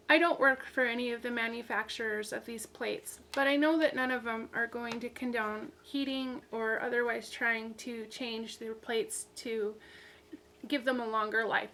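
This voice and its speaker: A woman hosts a casual craft tutorial, talking through each step plainly with the odd filler. Her voice is bright and sits a little high. A faint hiss of background noise runs under the recording. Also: steady tone, moderate pace. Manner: plain-spoken, practical, hesitant with fillers. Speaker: crafting video host.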